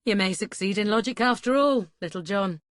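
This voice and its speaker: A woman's voice: medium pitch, fairly quick, no echo, studio quality, lightly acted. A woman voicing a testy, teasing young male scholar in an audiobook.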